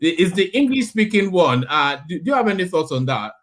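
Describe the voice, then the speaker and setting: Man from Nigeria, host, high-pitched, animated, stammers and repeats words. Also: brisk, background noise. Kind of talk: casual panel discussion.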